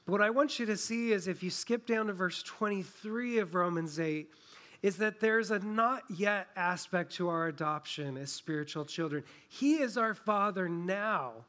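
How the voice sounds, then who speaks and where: A man preaching a sermon, earnest, often dropping soft and low on key phrases. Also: moderate pace. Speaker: pastor.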